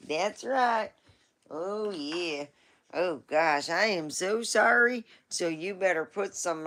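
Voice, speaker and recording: A woman's voice: on the low side, expressive, slow pace, a bit bright. A woman hosting a live stream, chatting casually in a rambling, folksy storytelling way.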